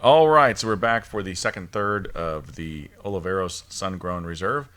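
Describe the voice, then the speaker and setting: A man's voice: deep voice, normal speed, fairly bright tone, clean tone. A man co-hosting a casual review podcast, rambling along with lots of ums and restarts. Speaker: podcast host.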